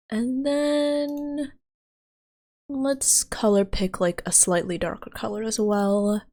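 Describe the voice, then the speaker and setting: Lady streamer mumbling through her work, slow and giggly, um and like everywhere. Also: fairly high pitch. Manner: thinking aloud while working, giggly, filler-heavy. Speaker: livestreamer. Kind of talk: casual livestream chat.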